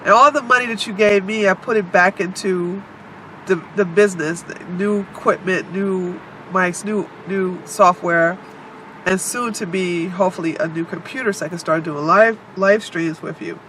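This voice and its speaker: A woman's voice: lowish voice, normal speed, a bit bright, a little hiss or hum. A woman from the United States, delivering a blunt, profane vlog monologue. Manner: blunt, heavily profane, emphatic. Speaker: vlogger.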